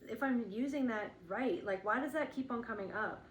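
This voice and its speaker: A woman's voice: fairly high pitch, normal speed, roomy sound, a little hiss or hum, rough recording. Woman giving a rambling intuitive reading. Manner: searching, rambling, heavy use of "like". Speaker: intuitive spiritual guide.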